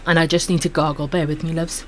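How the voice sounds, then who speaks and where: A woman from Wales with a husky voice and a dry throat, chatting casually to viewers while streaming a game and calling them her darlings. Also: sits low, flat delivery, fast, noisy background. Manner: affectionate, calls viewers my darlings.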